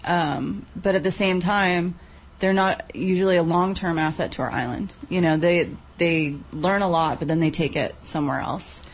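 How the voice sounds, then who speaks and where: Enthusiastic woman with a gravelly voice. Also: fairly low pitch, moderate pace. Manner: enthusiastic, many fillers. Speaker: youth agriculture program coordinator. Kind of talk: casual radio talk interview. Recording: dull lo-fi sound with faint ambience.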